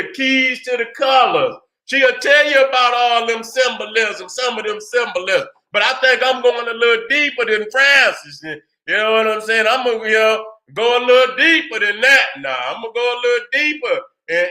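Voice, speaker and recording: A man's voice: extremely high pitch, pushed and bright. A man hosting his channel, giving a heated, profane lecture and constantly asking whether listeners follow him. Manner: profane, emphatic, keeps asking "you see what I'm saying". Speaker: channel host.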